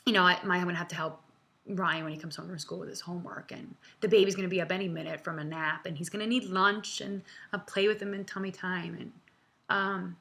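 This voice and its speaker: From her home, a woman in her thirties answers viewer questions in casual, heartfelt talk straight to camera. She speaks in a chatty, earnest rush full of fillers and small laughs, sounding close to tears. Her slightly low voice comes across bright and forceful, a little fast, with fairly even intonation and vocal fry.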